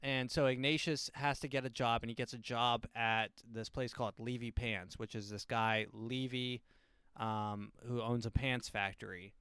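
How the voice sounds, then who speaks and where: A man's voice: medium pitch, steady tone, moderate pace, fairly bright tone, clean tone, no echo, studio quality. A man hosting a podcast, rambling through a casual book review and breaking into silly voices for quotes. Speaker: podcast host.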